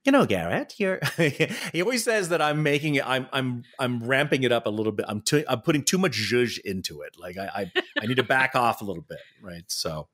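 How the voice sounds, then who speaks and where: A middle-aged man chatting as a podcast guest, telling lively stories with frequent laughs and restarts. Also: mid-range voice, brisk, few pauses. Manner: animated storyteller, laughs often, restarts sentences. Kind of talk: casual interview chat.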